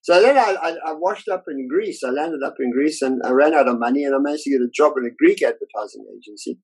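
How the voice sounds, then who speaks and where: Speaking quickly in a husky, medium-pitched voice, an older illustrator recounts colorful moments from his working life during a casual interview. He impersonates the people he quotes, and the audio is poor.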